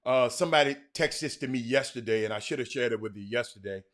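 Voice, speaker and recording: Bright-voiced man hosting a livestream. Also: mid-range voice, fast. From Houston, Texas. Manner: chatty, talks to viewers by name, frequent restarts. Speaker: livestream host. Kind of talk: casual livestream chat reading viewer comments.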